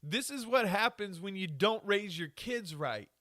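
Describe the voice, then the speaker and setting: Hosting a podcast alone, a man with a high, animated, sharp voice rants furiously and curses a lot, speaking a little slowly and repeatedly trailing off to restart his thoughts. The sound is dry and studio-clean.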